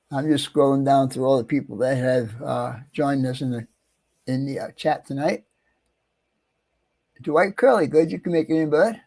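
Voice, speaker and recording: A middle-aged American man hosting a casual livestream, chatty and easygoing, greeting viewers one by one and clearing his throat often. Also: on the high side, a little mellow. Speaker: livestream host.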